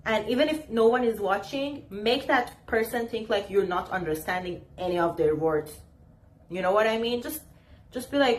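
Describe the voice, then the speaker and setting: A woman's voice: medium pitch, normal speed, a little hiss or hum. A woman with giving advice straight to camera in a casual, emphatic way, repeating her phrases and acting out her own comebacks.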